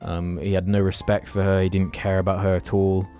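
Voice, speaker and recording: A man's voice: low voice, flat delivery, a little fast, dark tone, soft background music. A man co-hosting a podcast, telling a story in casual chat, frank and sweary, with many restarts. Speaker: podcast co-host.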